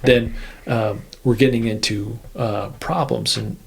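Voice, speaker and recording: A man's voice: medium pitch, steady tone, a little slow, vocal fry, a little hiss or hum. A man, a former Air Force officer, tells a story in a casual interview, rambling with many restarts. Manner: rambling, full of "you know" and restarts.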